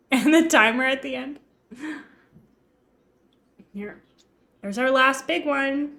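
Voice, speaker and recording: A woman's voice: high voice, extremely slow, gravelly, pauses often, a bit bright. A young woman chatting casually with her live-stream chat while cooking in her home kitchen, giggling often.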